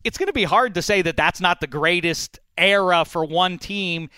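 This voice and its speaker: Man, sports talk host, bright high voice, smooth, dry close sound. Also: normal speed, no echo. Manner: animated, puts on mock fan voices. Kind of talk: casual sports debate.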